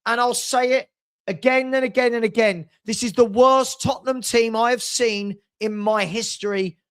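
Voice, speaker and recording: Exasperated fan hosting a match watchalong. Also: male voice, very high-pitched, fairly even intonation, moderate pace, smooth. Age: older. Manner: exasperated, sarcastic, bursts into shouts. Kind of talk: live football watchalong commentary.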